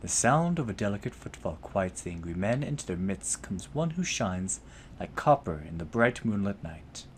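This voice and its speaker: A man's voice: on the low side, sing-song, normal speed, a little hiss or hum. A man reading a game's story aloud as narrator, dropping casual asides in between. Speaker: let's play host.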